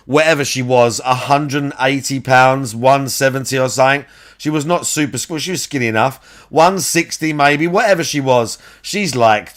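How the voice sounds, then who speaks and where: A man's voice: a little high, fairly bright tone. A man mocking a clip in a reaction commentary, sarcastic, swearing and laughing often.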